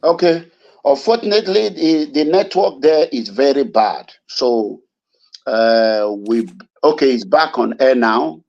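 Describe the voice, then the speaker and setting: Nigerian radio host guy running call-ins, middle pitch, kinda muffled lo-fi audio. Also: creaky, a little mellow. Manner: managing calls over a bad connection, brisk and directive. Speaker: radio talk show host. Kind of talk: live call-in show.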